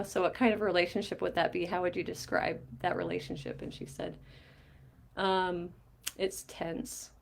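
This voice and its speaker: A middle-aged woman, a mindset coach, explaining a diagram and retelling a coaching conversation in a lively storytelling way. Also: lowish voice, creaky. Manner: animated storytelling, quoting both sides of a conversation with light laughs. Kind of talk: explaining a coaching diagram while recounting a session.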